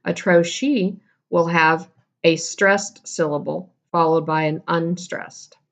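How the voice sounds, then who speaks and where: A woman's voice: fairly low pitch, steady tone, slow pace. A woman teacher giving a casual recorded lesson, explaining terms and correcting herself as she goes.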